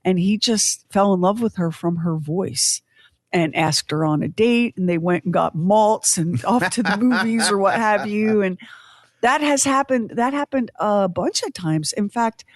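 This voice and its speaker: A woman's voice: mid-range voice, a little slow, no echo, studio quality. A woman in her fifties hosting a podcast, chatting casually with tangents and self-deprecating humor. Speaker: podcast host.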